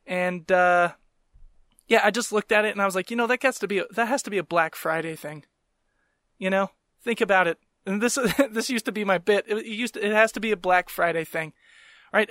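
A man's voice: high voice, no echo, studio quality. A young adult man hosting a podcast, telling comic stories in a profane, exasperated rant. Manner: profane, exasperated, animated storytelling. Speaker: podcast host, comedian. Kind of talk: casual comedic rant.

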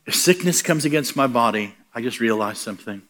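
A man's voice: mid-range voice, expressive, brisk, fairly bright tone. A middle-aged man preaching a sermon, telling stories and acting out the voices he quotes, building to emphatic punchlines.

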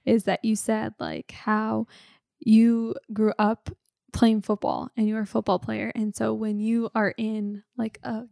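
A woman co-hosting a casual relationship talk, calm and earnest as she makes her points. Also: a little high, a little slow, creaky, no room sound, clean studio sound. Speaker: podcast co-host.

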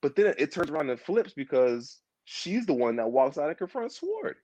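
This man's voice sits on the high side, moving at a moderate pace as he casually discusses a TV series. He is animated and rambling, repeating himself and acting out quotes, and the audio sounds dull.

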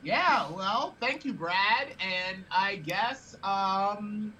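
A man's voice: sits high, drawn-out words, pushed and bright, lo-fi sound, a little hiss or hum. A man guest telling a story in a casual, rambling way, often repeating words as he thinks.

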